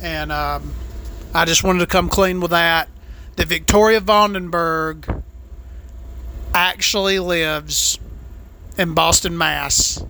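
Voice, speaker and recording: A man with a high, bright voice that has a gravelly edge, doing a put-on Southern accent. He delivers an in-character comedy monologue as a podcast host, rambling and deadpan, stalling on "uh" and "you know.". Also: takes it slowly, long pauses, slight background noise. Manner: rambling, deadpan, full of "uh" fillers.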